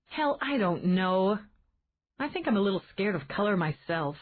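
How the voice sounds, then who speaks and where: A woman reader voices an outspoken young woman, speaking at a moderate pace in high, exclamatory, swooping bursts with an animated mood. The audio is thin and tinny, as if over a phone.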